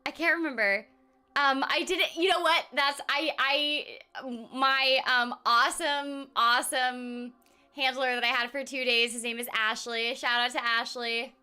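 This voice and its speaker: A woman's voice: high-pitched, fairly even intonation, measured pace, bright, forceful tone, smooth. A woman live-streaming a game, chatting casually with her viewers in a bubbly, giggly way and scatting little filler sounds. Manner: giggly, rambling with restarts.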